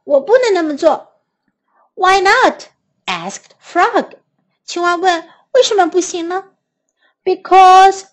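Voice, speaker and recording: A woman voicing a fussy, fretful male toad in a children's storybook, anxious and wailing, with a Mandarin Chinese accent. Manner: anxious, high-pitched and wailing.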